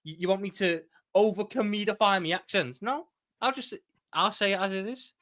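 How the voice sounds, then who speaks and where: A man's voice: sits high, a little fast, fairly bright tone. A young man with a Scouse accent co-hosting a football chat, defending his views with stammering restarts. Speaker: co-host.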